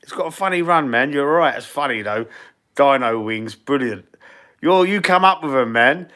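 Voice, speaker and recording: A Cockney man from East London answers viewer questions on a live stream, his breathing husky and wheezy throughout. He talks bluntly and casually, with plenty of slang, and his voice sits at an ordinary middle pitch for a man. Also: animated, normal speed, bright, forceful tone. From East London, England. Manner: blunt, slangy and chatty, calling viewers bro and mate. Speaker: fan channel live streamer.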